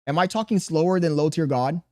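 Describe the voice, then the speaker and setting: A young man chatting casually on his livestream, reading chat aloud and talking slowly on purpose, with plenty of swearing. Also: on the high side, a little mellow. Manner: laid-back, deliberately slow storytelling, swearing, reading chat aloud. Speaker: streamer.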